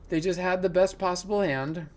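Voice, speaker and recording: A gaming content creator gives live commentary on his own card game, thinking aloud about his plays. He gets exasperated at bad luck and lets out laughing groans. His voice sits high and is a little mellow, with fairly even intonation and a moderate pace.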